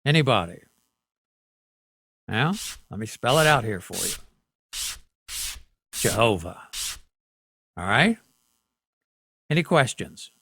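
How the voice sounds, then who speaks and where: A man teaching a class at a whiteboard, slow and deliberate, often checking in with the students. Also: mid-range voice, sing-song, gravelly, bright, forceful tone, slightly rough, no echo.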